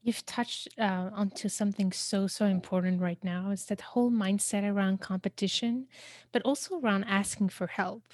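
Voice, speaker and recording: A woman's voice: mid-range voice, fairly even intonation, moderate pace, a little mellow, no room sound. A woman hosting a podcast interview, encouraging and affirming her guest. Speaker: podcast host.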